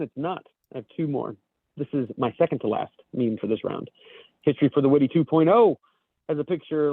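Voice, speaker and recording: He's a podcast co-host with a mid-range voice, casually reading memes aloud, swearing and laughing at his own jokes. The sound is dry and tinny, as if coming through a phone call.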